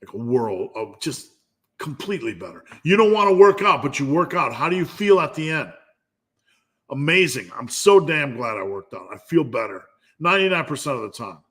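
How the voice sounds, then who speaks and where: A man's voice: mid-range voice, animated, normal speed, a bit bright. A man hosting a live fitness Q&A, giving a blunt, profane pep talk. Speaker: fitness channel host.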